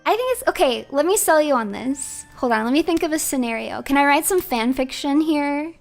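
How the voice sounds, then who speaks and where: She is a chatty woman streamer with a high, bright voice, playful and quick to laugh. Soft music plays under her casual livestream talk. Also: gravelly.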